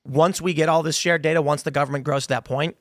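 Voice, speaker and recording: A man hosting a casual panel talk show, who tells animated stories and acts out the quotes. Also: on the high side, quick pace, dry recording, clean studio sound. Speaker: podcast host.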